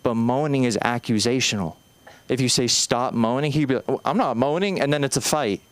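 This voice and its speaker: A young male comedian working an open-mic stage, his voice sitting in a middle pitch with a smooth, resonant tone. He rambles anxiously through self-deprecating bits, stumbling and restarting his sentences. The voice comes through a handheld mic in a small club. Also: brisk, dry recording. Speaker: stand-up comedian. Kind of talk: open-mic stand-up set.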